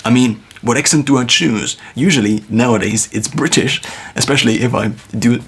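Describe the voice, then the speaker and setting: A video creator thinks aloud in a reflective solo monologue, musing with pauses and restarts. His voice is medium-pitched and husky, and it was recorded on a phone.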